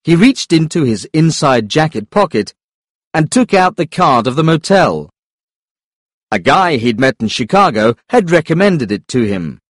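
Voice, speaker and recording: Male narrator, audiobook reading, clear deliberate delivery, lively intonation, dry studio sound. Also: medium pitch, no echo.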